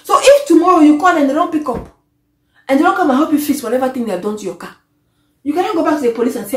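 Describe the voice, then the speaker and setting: A woman, vlogging an animated, exasperated rant to camera that often trails off. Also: high-pitched, fast talker. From Africa. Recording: echoey room.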